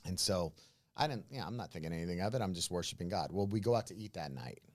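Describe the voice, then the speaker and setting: A middle-aged man, a pastor and guest, telling stories in a casual interview, animated and acting out what people said. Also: low voice, fast. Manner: animated storyteller, acts out quoted voices, says "man" and "bro".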